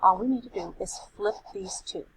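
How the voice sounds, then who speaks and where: A woman as a Spanish teacher, explaining grammar in a clear, explanatory tone and reading example sentences aloud. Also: mid-range voice, moderate pace, a little hiss or hum, low-quality recording. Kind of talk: recorded grammar lesson.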